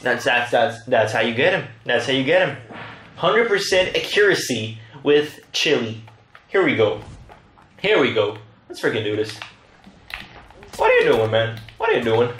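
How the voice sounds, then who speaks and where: A man casually commentating his own gameplay, excitable and rambling, trash-talking his opponents. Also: medium pitch, moderate pace, long pauses, reverberant, faint music behind. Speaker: gaming channel host.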